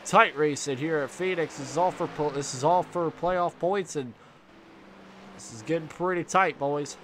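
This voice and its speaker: A stuffy, slightly high-pitched young man commentates a sim race, stringing calls together with fillers and restarts. Faint racing engine noise hums beneath his voice. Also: moderate pace. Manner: rambling with fillers and restarts, excited bursts at contact. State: stuffy, congested.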